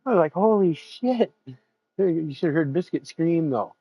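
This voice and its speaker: A man's voice: fairly high pitch, fairly quick, breathy edge. Profane, rambling streamer man, dull mic. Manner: rambling, profane storytelling with frequent laughter. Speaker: streamer host. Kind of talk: casual chat after a sim race stream.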